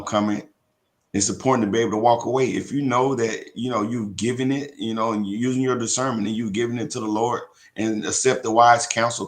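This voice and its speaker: A man's voice: medium pitch, fairly bright tone. A man co-hosting a live faith podcast, chatting casually, reading viewer comments and scripture aloud. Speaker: podcast co-host. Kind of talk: casual faith talk show chat.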